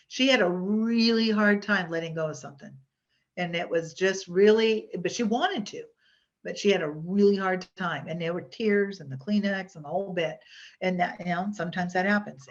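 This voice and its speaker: A woman hypnotherapist leads a casual online workshop, talking in a chatty, rambling way full of restarts and fillers. Her pitch sits in a middle range for a woman. The sound is a little dull and lo-fi, like audio over a video call.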